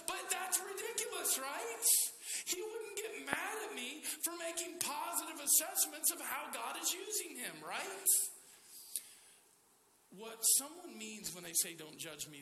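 A man's voice: very high voice, background noise. A man preaching a sermon as a guest preacher, conversational and joking with the congregation. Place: church sanctuary. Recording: echoey hall with faint ambience.

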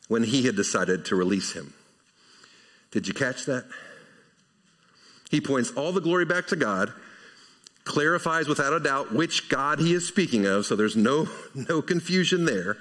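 A man preaching a conversational sermon verse by verse, asking rhetorical questions and shifting between emphatic and quiet delivery. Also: mid-range voice, animated, measured pace, pauses often. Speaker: pastor.

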